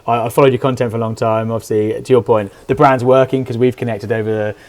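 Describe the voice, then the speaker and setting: A man's voice: mid-range voice, flat delivery, fast, a little mellow. A man hosting a casual interview over a video call, upbeat and full of restarts and fillers. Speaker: podcast host.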